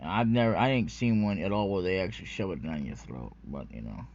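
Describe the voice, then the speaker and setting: A man's voice: low-pitched, fairly quick, creaky, darkish tone. Rambling, profane male vlogger. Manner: profane, rambling, full of fillers and restarts. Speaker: anime commentary vlogger. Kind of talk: rambling unscripted rant. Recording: dull lo-fi recording.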